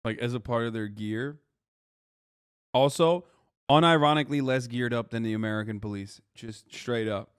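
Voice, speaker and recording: Streamer, male, 30s; profane rants, loud bursts then muttering; mid pitch, dead-dry mic. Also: moderate pace, clean tone, no echo. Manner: profane, ranting, swings between loud outbursts and low mutters. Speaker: streamer reacting to a news video. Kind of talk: live reaction commentary.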